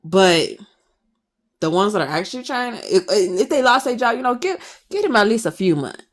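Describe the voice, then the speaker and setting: Big pitch swings mark this woman's mid-range voice as she speaks at normal speed. She's in her twenties, ranting passionately to camera in her vlog and firing off emphatic rhetorical questions.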